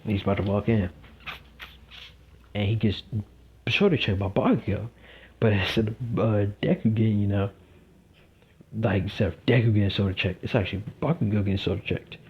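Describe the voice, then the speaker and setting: A man's voice: fairly low pitch, fairly quick, long pauses, slight background noise. A young man telling a fan-fiction story casually, rambling with lots of fillers, in a dull lo-fi recording.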